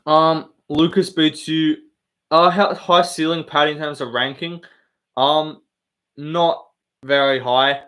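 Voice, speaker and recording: A man's voice: fairly high pitch, fairly even intonation, takes it slowly, sharp tone. A man hosting a casual live stream, bantering with the chat, swearing often and laughing.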